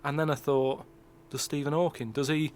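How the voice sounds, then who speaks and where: Male podcast guest, slightly high voice, halting and repetitive. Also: level tone, slight background noise. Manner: halting, repeating himself as he explains. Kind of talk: comedy podcast banter.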